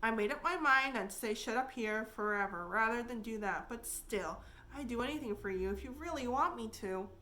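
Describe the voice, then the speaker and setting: A woman's voice: on the high side, moderate pace, bright, forceful tone, slight background noise. A woman voicing an eager, emotional orphan girl in a storybook reading, pleading earnestly.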